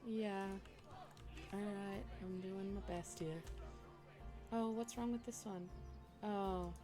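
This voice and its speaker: A woman's voice: medium pitch, fairly even intonation, slow pace. A woman chatting casually while streaming a game, talking back to her viewers. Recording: music playing behind the voice.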